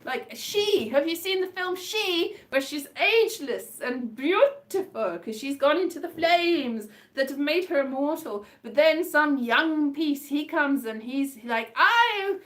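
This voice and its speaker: A woman's voice: high voice, animated, unhurried, few pauses. A woman chatting casually on a live stream from home, rambling between tangents. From Wales. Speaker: comedian live-streaming to viewers. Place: indoors at home.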